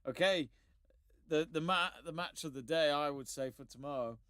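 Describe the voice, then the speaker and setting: Smooth-voiced man hosting sports chat. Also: on the high side, moderate pace, pushed and bright, no room sound, clean studio sound. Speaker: host.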